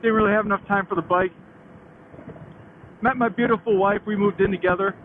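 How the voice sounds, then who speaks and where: A man in his late thirties with a high voice spins a loose, slangy story about his riding days, swearing casually as he goes. The sound is thin and tinny like a phone line, with a light hiss under it. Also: steady tone, a little fast. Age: late 30s. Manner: slangy, chatty, laughs often, swears. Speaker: motorcycle vlogger.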